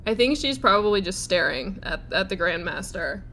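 A woman's voice: mid-range voice, normal speed, a little hiss or hum. A woman playing in a tabletop game, chatting casually and laughing often. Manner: laughing, expressive. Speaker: player. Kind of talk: casual chat.

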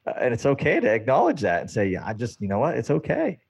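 A man co-hosting a podcast in casual chat, relaxed and reflective. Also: medium pitch, fast, vocal fry. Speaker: podcast co-host.

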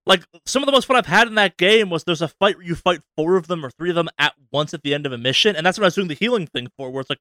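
A man co-hosting a podcast, rambling casually about a video game with many restarts and quick asides. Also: sits high, no room sound. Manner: rambling, many restarts, animated voices for quotes. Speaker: podcast co-host.

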